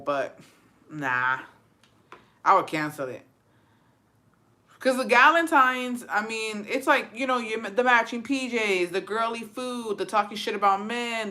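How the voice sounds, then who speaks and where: A woman livestreaming casual chat, animated and profane, switching freely between English and Spanish. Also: medium pitch. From Texas. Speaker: livestream host. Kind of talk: casual chat reacting to viewer stories.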